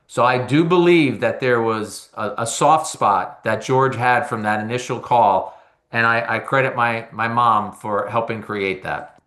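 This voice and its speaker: Bright-voiced storytelling man from New Jersey. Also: medium pitch, unhurried. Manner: animated anecdote-telling with frequent repeated words. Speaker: baseball analyst and former reporter. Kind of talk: conversational storytelling in an interview.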